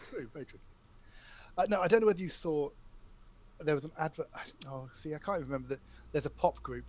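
A man's voice: a little high, fast talker, darkish tone. A man in a casual podcast chat over an online call, rambling and self-deprecating.

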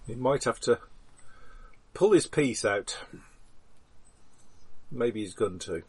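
A man playing in a tabletop game, talking in a calm, matter-of-fact way. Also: mid-range voice, slow, slightly rough. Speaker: player.

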